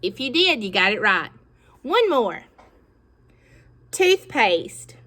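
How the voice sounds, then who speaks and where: A woman teacher giving a phonics lesson to young children, slow and encouraging, pausing for them to repeat words. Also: on the high side, sing-song, sharp tone. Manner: slow, encouraging, with pauses for pupils to echo.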